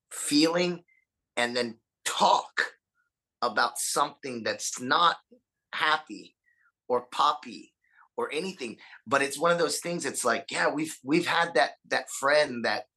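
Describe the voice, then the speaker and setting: Punk singer guest, man, bright forceful tone, earnest and halting, swears a lot. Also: mid-range voice, rough recording. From Austin, Texas. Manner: earnest, stammers and repeats words, swears freely. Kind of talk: casual podcast conversation.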